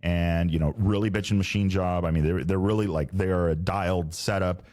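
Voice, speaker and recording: Low-voiced rambling man hosting a podcast. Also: fairly even intonation, fairly quick, darkish tone. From Southern California. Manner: rambling, self-correcting, laid-back slang. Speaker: podcast host. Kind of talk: casual solo podcast chat. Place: home podcast studio.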